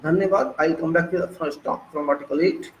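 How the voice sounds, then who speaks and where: Fiery, fast-talking Indian man. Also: fairly high pitch, a little hiss or hum, rough recording. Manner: excitable, ranting, repetitive emphasis. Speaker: political commentator. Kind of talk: impassioned political monologue.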